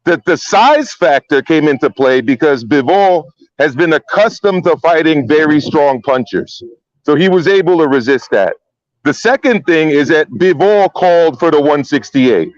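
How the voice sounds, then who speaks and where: A man's voice: a little high, expressive, moderate pace, no echo. Man on a dull, dry remote call. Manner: repeats words, blunt and direct. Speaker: guest analyst. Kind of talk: casual chat.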